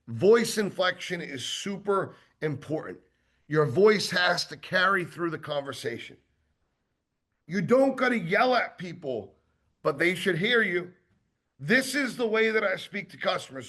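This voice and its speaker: A man giving a casual sales training talk, acting out quick exchanges with customers and tossing in lots of fillers and asides. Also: high-pitched. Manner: animated, acts out customer exchanges; conversational with many fillers and asides.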